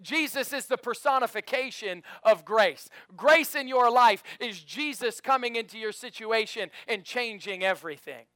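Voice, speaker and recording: A man preaching a sermon in a church, rousing the congregation to call and response. He rises to loud emphatic peaks and drops to quiet storytelling. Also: very high-pitched, lively intonation, normal speed, few pauses, no room sound, clean studio sound. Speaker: pastor.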